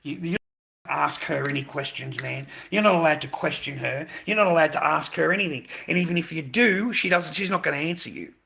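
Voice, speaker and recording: A middle-aged Australian man rants straight to his audience, sarcastic and mocking, with heavy swearing. His voice sits a little high and has a sharp, bright edge. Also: fairly quick, gravelly. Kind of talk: ranting monologue.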